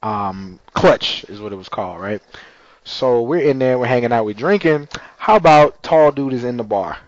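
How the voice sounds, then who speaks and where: A man's voice: mid-range voice, normal speed, dry recording, dull audio. A man telling a story in casual chat, acting out the people in it. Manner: animated storyteller, acts out voices.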